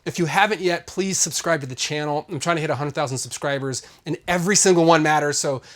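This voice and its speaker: A man's voice: fairly high pitch, fast talker, a bit bright. A man hosting a vlog, giving a casual and rambling product review full of fillers. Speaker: host.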